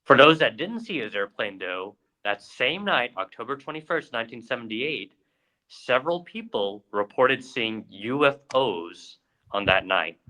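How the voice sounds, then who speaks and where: Bright-voiced man telling a story. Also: medium pitch, expressive, a little slow, low-quality recording. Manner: storytelling with frequent fillers and restarts. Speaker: podcast co-host. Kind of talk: casual podcast chat.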